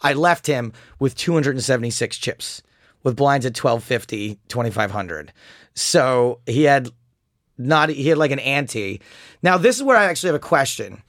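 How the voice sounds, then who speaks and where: A man's voice: mid-range voice, moderate pace, no echo, studio quality. A man in casual chat, telling a poker hand story with lots of fillers and restarts. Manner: animated storytelling, mocks an opponent's angry chat.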